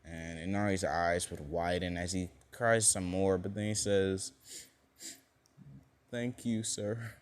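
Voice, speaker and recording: A man's voice: low-pitched, steady tone, measured pace, hardly any pauses, smooth. A young man casually telling a fan-made alternate story, rambling along with lots of fillers and frequent self-corrections.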